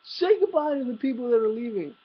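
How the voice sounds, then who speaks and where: A man voicing a rowdy, crude drunk young man at a bar, loud and bossy. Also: very high-pitched, animated, a little fast, slightly rough, muffled recording, voice pushed up, exaggerated voice.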